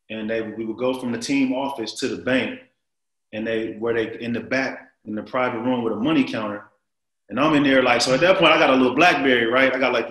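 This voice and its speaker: A man in his forties telling a long story as an interview guest, rambling and animated, with many fillers. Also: mid-range voice, roomy sound, low-quality recording. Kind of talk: casual storytelling.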